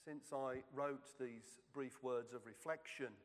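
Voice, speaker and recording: Male preacher, unhurried and measured, long reverb behind him; sermon reading. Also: medium pitch, fairly even intonation. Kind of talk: sermon reflection.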